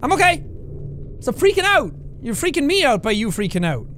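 A man doing loud, goofy commentary while playing a game, excitable and prone to shouting. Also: very high voice, fairly quick, a little hiss or hum. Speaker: gaming commentator. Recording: game audio and music behind.

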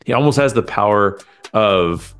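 Lowish-voiced man chatting casually. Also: expressive, moderate pace, clear, resonant tone, faint music behind. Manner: rambling, enthusiastic, frequent fillers and restarts. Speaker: podcast co-host. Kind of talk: casual chat. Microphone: desk microphone after switching from a headset mic.

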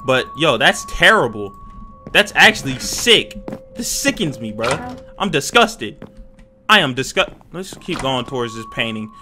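A young man giving jumpy, excitable, slang-filled commentary while playing a horror game and talking to his viewers. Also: mid-range voice, a little slow, soft background music. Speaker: gaming YouTuber.

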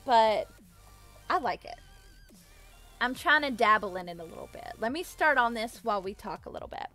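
A woman's voice: fairly high pitch, expressive, moderate pace, long pauses, bright, forceful tone, faint music behind. A young adult woman chatting casually with viewers on a live stream, bubbly and giggly, thanking them effusively. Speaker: livestreamer.

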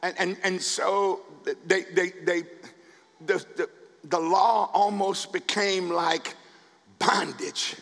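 A male pastor preaching a sermon, building from calm scripture reading to shouted calls to the congregation. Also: high-pitched, takes it slowly, creaky, in a large hall. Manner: preaching, rising to shouts with repeated words. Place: church sanctuary.

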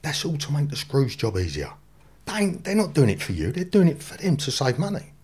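Here the same kind of speaker, a London-accented Englishman in his forties, tells his life story as a guest in a blunt, slangy, lively way. His voice is a little high and fairly quick, with a breathy edge.

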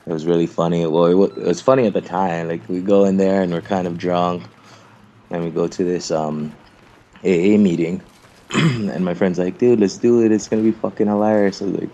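A young man, an interviewed clan member, tells long, rambling stories in a casual chat, laughing and swearing freely. His voice is low and warm, with a steady tone and moderate pace, though the audio sounds dull.

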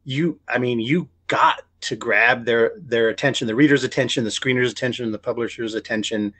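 A man's voice: medium pitch, brisk, a bit bright. A man, a novelist, telling a story in a casual podcast interview, rambling with many restarts and repeated words. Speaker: novelist guest.

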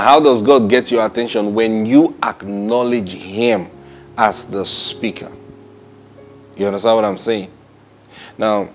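A man teaching the Bible in a lively sermon style, repeating phrases and praising God between points. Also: fairly low pitch. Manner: animated and repetitive, often saying "praise God" with short laughs.

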